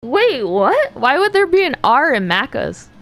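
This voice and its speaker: A woman's voice: high voice, very animated, unhurried, a bit bright, faint music behind. An American woman streaming, chatting casually with viewers, curious and playful, often laughing. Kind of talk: casual chat with viewers while drawing.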